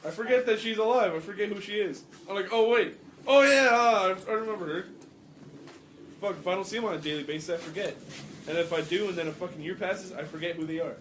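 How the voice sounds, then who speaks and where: High-voiced young man, profane and blunt. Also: fast, a bit bright, slight background noise. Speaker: podcast co-host. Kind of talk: casual chat.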